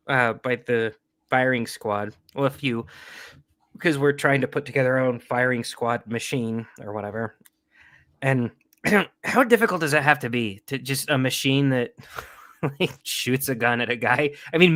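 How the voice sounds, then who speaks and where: A man's voice: mid-range voice, bright, forceful tone, dry recording, studio quality. A young man co-hosting a casual podcast, blunt and profane with indignant outbursts. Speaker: podcast co-host. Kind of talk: casual chat.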